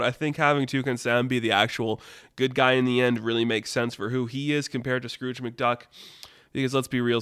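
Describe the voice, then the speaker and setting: A man hosting a casual storytelling podcast, animated and laughing often, with lots of "like". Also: medium pitch, clean tone, no room sound, studio quality. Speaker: storyteller host.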